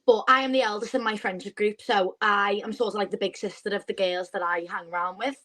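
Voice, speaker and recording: A woman, a podcast guest chatting casually and telling stories with lively quoted asides. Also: mid-range voice, fairly quick, rough recording. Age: 20s. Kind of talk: casual chat.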